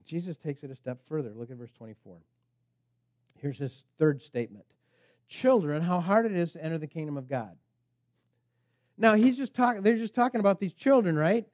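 A man's voice: a little high, expressive, moderate pace, pauses often, a little mellow, no room sound, studio quality. A man preaching a sermon as pastor, emphatic and preacherly, at times speaking the tempter's lines.

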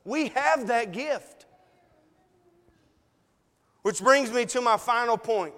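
A man preaches slowly and deliberately, his voice sitting high and sounding smooth and clear. His delivery is folksy and conversational, broken by dramatic pauses, and his words ring with a long reverb through the hall. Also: bright, forceful tone. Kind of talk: sermon. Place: church sanctuary.

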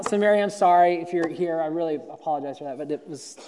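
A man's voice: a little high, brisk, few pauses, noisy background. A man preaching a conversational sermon as pastor, telling stories and often repeating and restarting words. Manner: storytelling, frequent word repeats and restarts. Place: church auditorium. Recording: long reverb of a large hall.

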